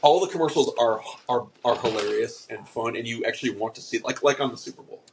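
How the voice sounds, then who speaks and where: A man with a gravelly, fry-edged voice chats loosely on a podcast, spinning rambling stories with deadpan asides. His pitch sits in an ordinary middle range, and a faint hiss is heard behind him. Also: quick pace, rough recording. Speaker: podcast co-host. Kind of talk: casual chat.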